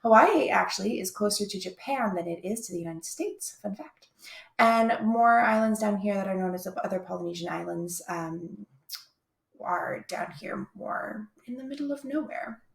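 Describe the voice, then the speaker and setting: A woman's voice: mid-range voice, moderate pace, gravelly, echoey room. A young woman teaching an online music lesson in an upbeat, chatty way. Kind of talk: recorded video lesson.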